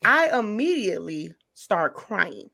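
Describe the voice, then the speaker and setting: A woman's voice: mid-range voice, slow, vocal fry. A woman hosting a podcast, telling stories in casual chat and laughing often as she talks. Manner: laughs often, animated storytelling. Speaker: podcast host.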